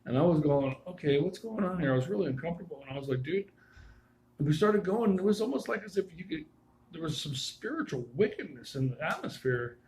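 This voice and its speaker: A man's voice: on the high side, big pitch swings, quick pace, a little mellow, rough recording. A man with a slightly raised voice tells a casual, loose story from his own life. He wanders off into asides and restarts as he goes. A faint hum sits behind him.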